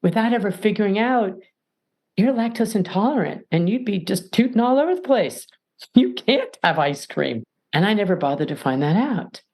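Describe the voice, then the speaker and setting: A woman's voice: medium pitch, lively intonation, moderate pace, darkish tone. A middle-aged woman, a mediator and podcast guest, giving emphatic advice and acting out little scenes as she explains. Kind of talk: animated advice talk.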